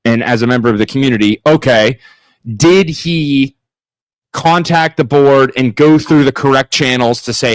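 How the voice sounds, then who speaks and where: A man's voice: mid-range voice, measured pace, smooth, no room sound, rough recording. A man in his thirties co-hosting a local call-in talk show, heated and emphatic. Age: 30s. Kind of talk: local talk radio discussion.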